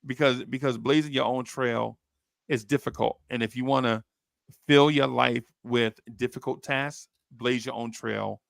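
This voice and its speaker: Gravelly-voiced man telling a story. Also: medium pitch, a little slow, dry recording, clean studio sound. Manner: animated, slangy storyteller who acts out quoted voices. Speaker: podcast host. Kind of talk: casual storytelling chat.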